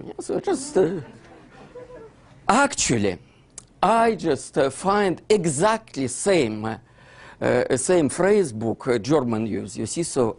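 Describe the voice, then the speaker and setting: Halting man. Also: a little high, breathy edge. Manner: halting non-native English with frequent fillers and "you see, so"; animated, with bursts of amused laughter. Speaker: lecturer. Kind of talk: illustrated history lecture.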